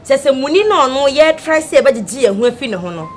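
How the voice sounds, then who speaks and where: A lively, sharp-tongued worker. She scolds and mocks in a bouncing voice over light music. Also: high-pitched, fast. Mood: scolding. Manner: mocking, scolding.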